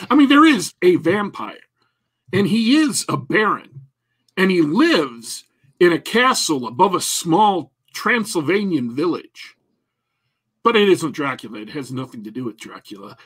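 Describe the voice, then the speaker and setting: A man's voice: sits high, fairly bright tone, slightly rough. A man co-hosting a casual talk show, rambling and joking with many restarts. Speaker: podcast co-host. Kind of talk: casual chat.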